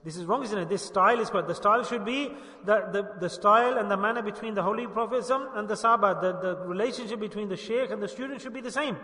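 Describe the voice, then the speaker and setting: A man's voice: sits high, fast talker, few pauses, bright, forceful tone. A man preaching a sermon to a gathering, emphatic and repeating his key points. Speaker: Sufi preacher. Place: gathering hall. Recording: echoey hall, long reverb.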